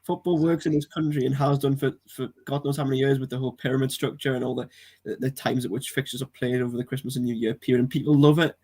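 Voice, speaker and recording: English man, podcast co-host, earnest, opinionated, a bit halting. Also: medium pitch, steady tone, darkish tone, slightly rough. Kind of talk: casual football podcast chat.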